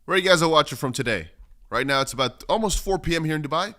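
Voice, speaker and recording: A man's voice: on the high side, animated, fast, pushed and bright. A man hosting a casual crypto livestream, rambling through chart commentary and reading viewer comments aloud. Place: home studio in Dubai.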